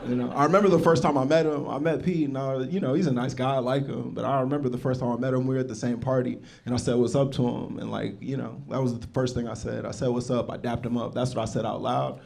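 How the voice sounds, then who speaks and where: A man's voice: mid-range voice, fairly even intonation, fast, vocal fry, few pauses, darkish tone. A man from Texas doing stand-up, talking straight to the crowd in a mock-wounded, conversational way. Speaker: stand-up comedian. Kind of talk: stand-up set. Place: comedy club stage. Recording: noisy live club recording. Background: audience laughter.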